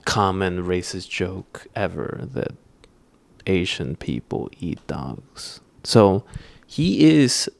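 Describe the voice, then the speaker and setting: A man co-hosting a podcast, giving measured, sardonic commentary with frequent pauses on a close mic. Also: deep voice, sing-song, vocal fry, a little mellow, no room sound. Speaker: podcast co-host. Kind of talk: casual critical commentary.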